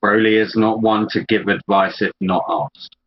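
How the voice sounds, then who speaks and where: Low-voiced guy slowly narrating a tabletop game, kinda muffled lo-fi audio with faint hiss. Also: flat delivery. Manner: slow, descriptive storytelling. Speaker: game master. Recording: dull lo-fi audio with faint background noise.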